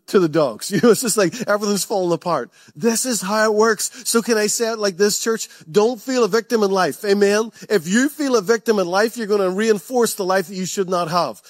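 A man's voice: high voice, no echo, studio quality. A man preaching a sermon as pastor, emphatic, repeating phrases and laughing often.

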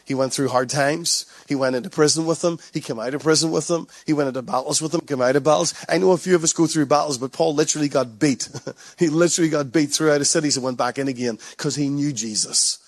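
An Irish man preaching to his church in a slightly higher voice, stacking phrase on phrase as he builds his point. He drops into light, joking asides between the heavier lines. The recording is close and dry, with no room sound around him. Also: fast talker, no room sound. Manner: repetitive, building emphasis with playful asides. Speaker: pastor. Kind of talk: sermon.

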